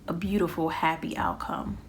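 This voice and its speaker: A woman giving a casual tarot reading, rambling and thinking aloud with frequent pauses and ums. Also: lowish voice, fairly even intonation, a little hiss or hum. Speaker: tarot reader.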